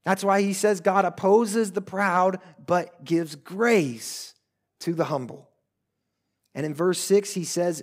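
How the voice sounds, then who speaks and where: A male pastor preaching a sermon earnestly, swelling loud at times and dropping to hushed pleas. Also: high-pitched, slow.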